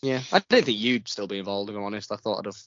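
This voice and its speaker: A man's voice: racing, fairly bright tone, dry recording. A British man co-hosting a podcast, teasing his co-host in playful, casual banter. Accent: British English. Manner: teasing, playful, sing-song swings in pitch. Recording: dry, slightly dull-sounding podcast audio.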